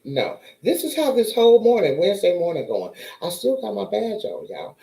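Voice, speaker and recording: A woman's voice: medium pitch, big pitch swings, moderate pace, creaky, mellow, roomy sound, poor audio. A woman chatting casually to her viewers, telling a story and acting out the voices of the people in it. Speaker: vlogger.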